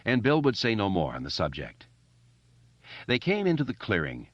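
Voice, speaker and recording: Brief: very low male narrator, lively swinging delivery, dry and a bit muffled. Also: normal speed, pauses often, no echo. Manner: expressive reading with character voices. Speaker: audiobook narrator. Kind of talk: scripted narration.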